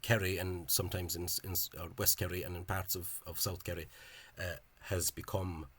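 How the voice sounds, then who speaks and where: A man giving an informal spoken lecture over on-screen examples. He talks in a halting, hesitant way and is openly scornful of the official spelling. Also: low-pitched, flat delivery, fairly bright tone, breathy edge. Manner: hesitant and halting, with frequent pauses and restarts. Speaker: language enthusiast presenting a video lecture.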